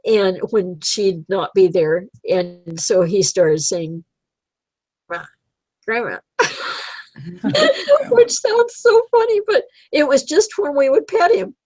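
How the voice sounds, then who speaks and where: A woman in her eighties tells stories in a loose, rambling way and breaks into laughter often. Her voice sits at an ordinary pitch and sounds dry and close, with no room around it. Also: very animated, slow, dark tone, no room sound, rough recording. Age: 80s. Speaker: guest, writer of pet stories. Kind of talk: casual chat.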